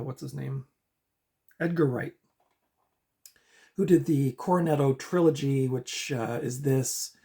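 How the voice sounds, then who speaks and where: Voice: medium pitch, a little mellow. A middle-aged vlog host chatting casually from home about movies. The host rambles and hesitates, with many fillers and sighs. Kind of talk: casual movie review chat. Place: home apartment.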